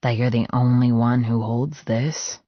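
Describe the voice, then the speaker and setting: A man voicing a low, possessive biker boss. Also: steady tone, unhurried, dry recording. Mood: seductive. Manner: low, intimate, teasing. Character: brooding, possessive biker president in a suit. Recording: dull, lo-fi dry studio read.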